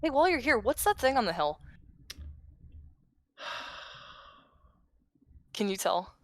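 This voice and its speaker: A woman's voice: on the high side, very animated, slow, no room sound. A woman playing a tabletop game, chatty and hesitant, often correcting herself. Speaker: player. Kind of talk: casual tabletop play.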